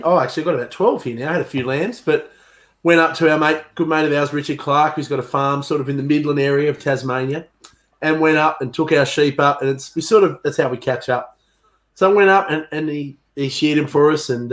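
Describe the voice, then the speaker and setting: Laid-back Australian bloke chatting. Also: male voice, fairly high pitch, fairly bright tone. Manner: laid-back rambling storyteller with many fillers. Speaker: co-host musician. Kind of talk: casual chat.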